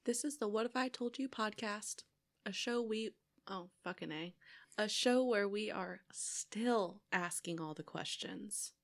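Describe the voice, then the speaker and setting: Gravelly-voiced woman podcast host. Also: medium pitch, unhurried. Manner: rambling, swearing, giggly. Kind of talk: casual podcast chat.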